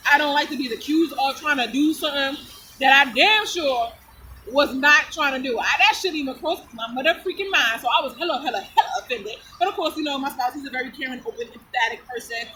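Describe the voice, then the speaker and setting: A woman's voice: sits high, brisk, slight background noise, poor audio. A woman chatting casually through a personal story, blunt and profane, laughing often as she retells it. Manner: animated, lively retelling. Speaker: storyteller vlogger.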